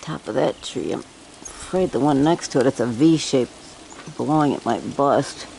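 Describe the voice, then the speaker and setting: Gravelly woman chatting outdoors. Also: rumbling low, normal speed, mellow, slight background noise. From Northern Michigan, USA. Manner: chatty, pointing things out to the viewer. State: rough morning voice. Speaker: vlogger. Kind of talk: casual handheld vlog narration. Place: outdoors in a yard, wind and trees.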